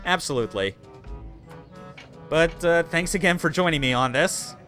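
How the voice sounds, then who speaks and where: A man's voice: on the high side, expressive, moderate pace, sharp tone, soft background music. A young man hosting a game stream, chatting casually, swearing freely and laughing often. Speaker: streamer host.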